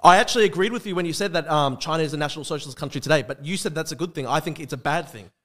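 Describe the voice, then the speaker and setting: A man's voice: a little high, racing, fairly bright tone. A man arguing as a debate guest, insistent and repetitive, talking over the others. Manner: insistent, repeats himself, talks over others. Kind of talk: heated online debate.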